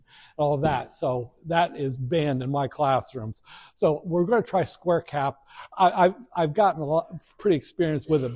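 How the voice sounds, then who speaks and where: A man's voice: fairly high pitch, a little mellow. Rambling, frank male college lecturer. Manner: rambling, frank, with many fillers and restarts. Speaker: college finance instructor. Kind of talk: first-day classroom lecture. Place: classroom.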